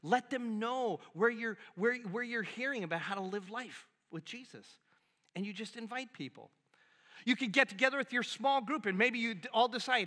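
A man preaching a sermon as a pastor, animated and conversational, acting out little quotes as he goes. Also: very high voice, normal speed. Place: church sanctuary. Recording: long hall reverb in a church.

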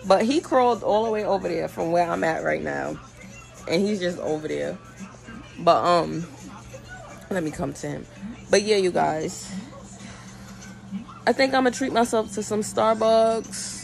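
A young woman and mother chatting casually in a vlog at home, relaxed and chatty with lots of fillers. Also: on the low side, measured pace, vocal fry, long pauses, faint music behind. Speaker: vlogger, mother. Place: home, indoors.

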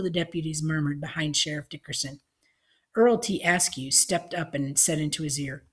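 A woman reading an audiobook, narrating with measured storytelling. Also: low-pitched, fairly bright tone.

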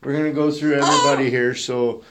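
A Canadian man with a medium-pitched voice talks fast while hosting a relaxed live stream alongside his pet cockatoo. Chuckling easily, he greets viewers and reads out where they're from, over loud background noise and the bird's squawks.

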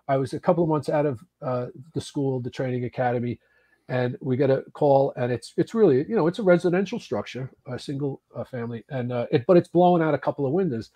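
An American man in his early sixties, guesting on a podcast, tells firefighting stories in a loose, animated way, swearing and often restarting his sentences. His voice sits at a medium pitch and he talks quickly.

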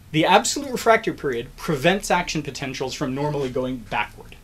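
A man speaks a little high and fairly quickly, with few pauses and a slightly rough voice, in a recorded biology lecture. Encouraging and animated, he explains step by step and acts out a crowd doing the wave, cheering included.

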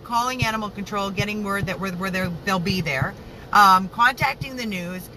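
A woman's voice: medium pitch, moderate pace, pushed and bright, a little hiss or hum, poor audio. A woman rescue activist talking angrily and emotionally, swearing as she vents in a live video. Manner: angry, upset, swearing.

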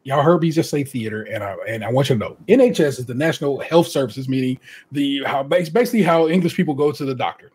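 An American man hosting a podcast in casual chat, reading contestant bios aloud with chatty, animated asides and frequent laughter. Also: mid-range voice, fast talker, slightly rough. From United States. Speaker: podcast host.

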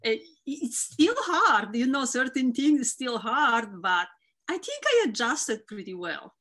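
This Instagram content creator from Italy, middle-aged and heavily accented, talks slowly in a voice on the high side. As an interview guest she chats casually about her life and work, storytelling with lots of animation.

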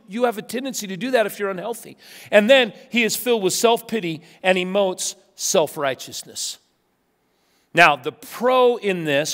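A middle-aged man preaches in a church sanctuary, his voice sitting high for a man. He tells stories with lively energy and slips into the voices of the people he quotes. The sound carries a long hall reverb. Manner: animated storytelling, acts out quotes. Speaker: pastor. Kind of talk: sermon.

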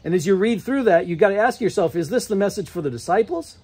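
Man, pastor, sermon, high voice, breathy, acts out quotes. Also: lively intonation, fast talker, dark tone. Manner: storytelling, restarts words, acts out quoted lines. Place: church sanctuary.

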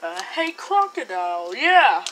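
A woman voicing every character in a homemade comedy skit, mumbling some lines and shouting others. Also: on the high side, sing-song, unhurried, a little hiss or hum. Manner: switches between mumbling lines and sudden shouting. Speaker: amateur puppet-movie maker voicing all characters.

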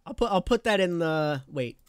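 Giggly slangy streamer, lively voice. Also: medium pitch, normal speed, clean tone, no echo, studio quality. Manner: laughs often, slangy and playful, stammers on repeats. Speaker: live streamer. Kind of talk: casual live-stream chat.

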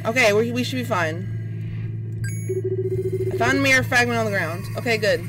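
A woman's voice: on the high side, moderate pace, rough recording. A woman commenting on her own horror game play, panicky and nervously repeating words. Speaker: gamer playing a horror game. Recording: game music playing behind.

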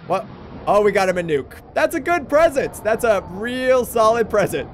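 A man's voice: very high voice, moderate pace, a little hiss or hum. A man hosting a gaming video, giving casual let's-play commentary and exclaiming in surprise. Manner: excitable, laughs often, exclaims in surprise.

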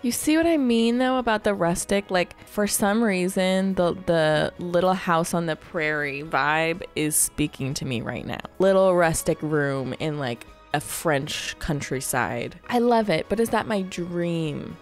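A woman's voice: fairly low pitch, animated, a little slow, few pauses, faint music behind. Chatty young woman with lilt. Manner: chatty, thinking aloud with playful asides. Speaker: Sims building creator. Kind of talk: casual gameplay commentary.

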